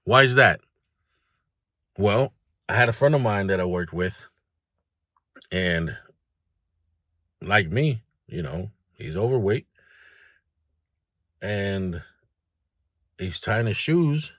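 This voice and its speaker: A man's voice: lowish voice, animated, slow, long pauses, a bit bright, dry recording. A man hosting a self-improvement video, talking bluntly and candidly about his own struggles and speaking straight to the viewer. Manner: blunt, plain-spoken, addresses the viewer directly. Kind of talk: candid motivational monologue.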